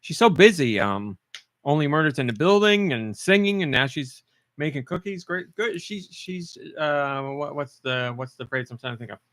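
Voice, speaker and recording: A man's voice: fairly high pitch, lively intonation, normal speed, fairly bright tone, no echo. Playful man hosting a podcast. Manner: playful, reads chat comments aloud while eating. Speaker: podcast host. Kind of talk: casual podcast chat.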